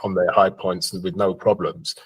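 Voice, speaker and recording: A man hosting a podcast, calmly and steadily following up on his guest's story with a question. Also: deep voice, normal speed, slightly rough. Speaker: podcast host. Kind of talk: interview questions.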